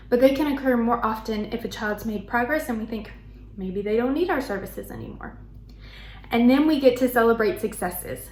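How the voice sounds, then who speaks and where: A woman who works as an early intervention provider, giving an earnest explanatory presentation. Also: fairly high pitch. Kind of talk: presentation talk. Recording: roomy echo.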